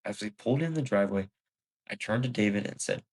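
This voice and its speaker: Low gravelly man reading a story. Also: animated, fast talker, poor audio. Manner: plain first-person reading with small slips. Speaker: story narrator.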